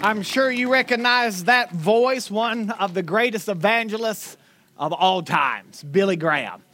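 A man's voice: high-pitched, expressive, measured pace, sharp tone, faint music behind. A man with a thick Southern accent preaching a sermon in a folksy, chatty, self-mocking way. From Florida Panhandle, US. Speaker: pastor. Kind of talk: sermon with storytelling.

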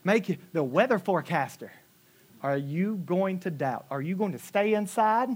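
Man, pastor, sermon, high voice, animated storytelling, loud-to-soft swings. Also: moderate pace, husky. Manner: animated storytelling, acting out quotes with big swings in loudness.

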